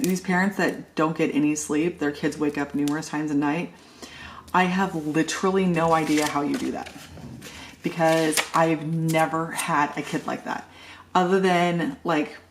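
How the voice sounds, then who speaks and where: A woman's voice: lowish voice, a little hiss or hum. A middle-aged woman vlogging in a casual, rambling way, telling a family story with lots of filler words. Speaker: planner vlogger. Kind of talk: casual chat.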